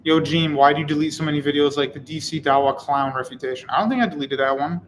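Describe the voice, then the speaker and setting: A man's voice: fairly high pitch, fast, slight background noise, low-quality recording. Casual, wry man streaming live. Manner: casual, wry, rambling with fillers. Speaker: channel host. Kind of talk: live-stream commentary reading chat.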